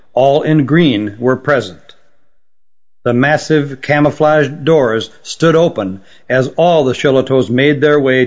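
A man reading a fantasy story aloud in measured, even scripted narration. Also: medium pitch. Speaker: audiobook narrator. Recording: dull lo-fi recording.

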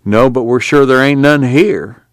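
A man's voice: medium pitch, a little slow, no room sound, voice pushed up, natural voice. A man doing a weary poor farmer father. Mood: resigned. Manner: plain rural speech, resigned.

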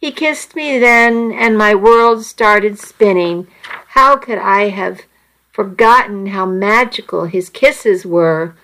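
A woman reading a first-person romance story aloud in a soft, intimate way. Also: medium pitch, slow pace, poor audio. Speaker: audiobook narrator.

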